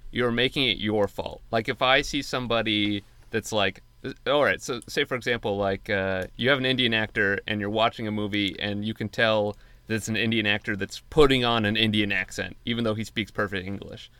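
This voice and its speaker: Laid-back lower-voiced man, dry sound. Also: steady tone, brisk, bright, forceful tone, clean tone, no room sound. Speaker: podcast co-host. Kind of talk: casual podcast chat.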